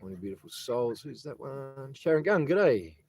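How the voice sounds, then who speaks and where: A man's voice: medium pitch, very animated, moderate pace, darkish tone, rough recording. An Australian man live-streaming outdoors on his phone, rambling in casual chat, repeating words and greeting viewers by name. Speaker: live streamer and protest organiser. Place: outdoors on a sunny day.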